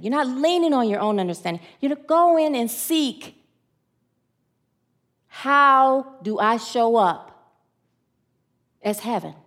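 A woman giving a personal testimony sermon, emotional, swinging from excited high lines to hushed low ones, and preaching to her listeners. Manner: preachy, asks audience to answer. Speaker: spiritual speaker.

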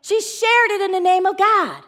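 High-voiced woman preaching a sermon. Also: normal speed, pushed and bright. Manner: earnest, invites call and response. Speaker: pastor.

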